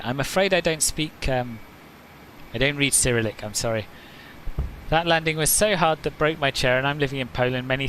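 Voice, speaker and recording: A man's voice: mid-range voice, sharp tone, slight background noise. A man hosting a flight simulator live stream, chatting casually, answering viewers' comments and laughing often.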